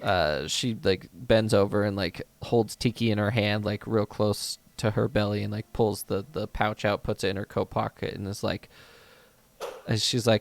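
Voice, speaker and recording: A man's voice: on the low side, steady tone, normal speed, creaky. A man narrating as game master of a tabletop game, rambling along with many fillers.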